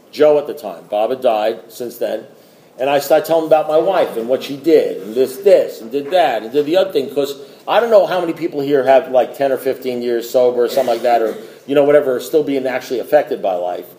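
A man's voice: fairly high pitch, mellow, reverberant, poor audio. A middle-aged man giving a personal recovery testimony at a meeting, telling stories and acting out dialogue, laughing often.

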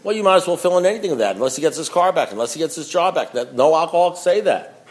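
A man's voice: lively intonation, racing. A man giving a blunt, emphatic talk at a recovery meeting, reading from a book and repeating himself for emphasis. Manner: swings between low asides and loud preaching.

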